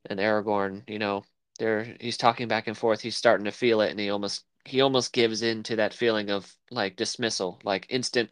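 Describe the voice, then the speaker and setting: A man's voice: lowish voice, fairly even intonation, fairly quick, fairly bright tone, clean tone, no room sound. A man co-hosting a casual film podcast, rambling and searching for words as he talks. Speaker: podcast co-host. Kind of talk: casual chat about film.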